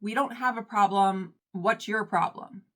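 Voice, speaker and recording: A woman voicing an irritated young woman who argues back loudly and defensively in a parking lot. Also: mid-range voice, measured pace. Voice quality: loud and defensive, talking back.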